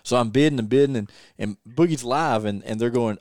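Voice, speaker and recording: A male podcast host recounts old road stories with animated, storytelling energy. His voice sits in a mid register and sounds close and dry, with almost no room around it. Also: medium pitch, fast, hardly any pauses, smooth, no room sound. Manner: lively anecdotal storyteller. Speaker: podcast host and former wrestler. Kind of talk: casual storytelling interview.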